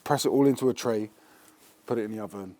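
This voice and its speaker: A man's voice: on the low side, fast talker, background noise. A man hosting a cooking show, talking in a slangy, chatty, joking way while he cooks in a kitchen. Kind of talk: casual cooking demonstration.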